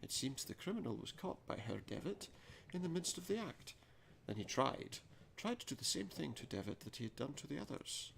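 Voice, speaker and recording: A grave, formal male scholar with a foreign accent, as a gamer puts him on, delivering dark news in measured, gravelly tones. His voice is low-set, and he keeps a stiff, mysterious manner. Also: very animated, slight background noise, heavily acted. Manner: reads in a put-on accent.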